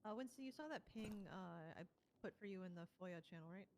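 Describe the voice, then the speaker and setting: Brief: woman, rapid speech, dry close sound, offhand tone. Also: medium pitch, expressive, darkish tone, no room sound. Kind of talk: casual roleplay chat.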